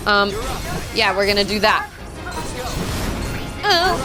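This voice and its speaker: A woman's voice: on the low side, lively intonation, a little slow, vocal fry, long pauses, over music. A woman gaming streamer chatting casually and reacting aloud as she plays. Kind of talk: casual live-stream chat while playing.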